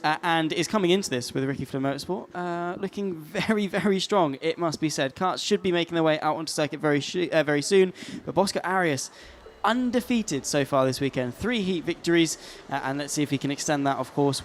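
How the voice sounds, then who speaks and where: Fast-talking young Englishman commentating. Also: a little high, a little hiss or hum. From England. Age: young adult. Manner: chatty, rambling, many fillers and restarts. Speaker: karting co-commentator. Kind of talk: live race commentary. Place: commentary box at a race track.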